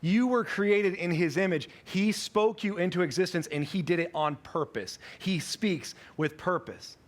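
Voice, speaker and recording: The pastor, a man in his thirties with a high voice, talks at normal speed while sharing a family story from the pulpit, keeping it conversational and fixing his wording as he goes.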